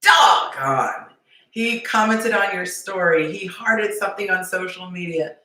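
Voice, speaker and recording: A woman hosting a live-stream dating talk, playful and animated, acting out little scenes as she coaches. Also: on the low side, distant mic. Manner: playful, acts out scenarios in quick character voices and whispers. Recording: echoey room, voice heard from off the mic.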